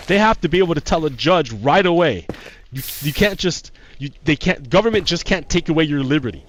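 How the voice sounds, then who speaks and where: A man's voice: a little high, slight background noise. A man talking casually on a livestream, heated and profane, often repeating himself. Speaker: streamer.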